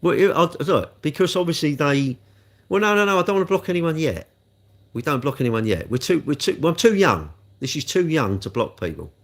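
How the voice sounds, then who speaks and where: A man's voice: a little high, very animated, brisk. A man chatting casually on a live stream, answering comments and telling off trolls. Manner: chatty and rambling, scolding trolls with rising heat. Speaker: livestreamer answering chat comments.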